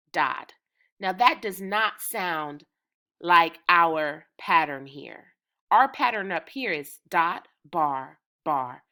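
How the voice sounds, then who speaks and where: A woman teaching preschoolers in a slow, sing-song way, chanting patterns and cheering them on. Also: fairly low pitch, pushed and bright. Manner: encouraging, drawn-out, rhythmic chanting. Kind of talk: slow, sing-song lesson for small children.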